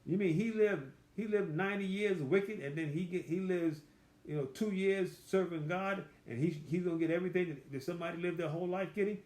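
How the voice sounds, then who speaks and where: A man leads a conversational Bible study in a fairly high voice. He reads each verse slowly and with weight, then unpacks it in plain, folksy talk. The sound is echoey, as if he is in a bare room. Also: a little mellow. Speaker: Bible teacher.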